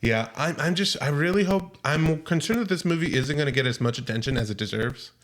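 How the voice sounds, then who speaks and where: A man's voice: fairly high pitch, expressive, fairly quick. Man casually reviewing a horror film. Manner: rambling, hesitant, frequent restarts. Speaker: podcast co-host. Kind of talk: casual movie review chat.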